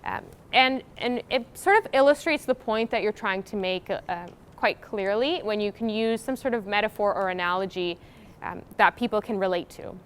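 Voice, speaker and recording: A woman's voice: mid-range voice, moderate pace, fairly bright tone, clean tone. A young woman co-presenting a university workshop, explaining in a casual, sort-of-filled way. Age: young adult. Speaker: graduate student co-presenter.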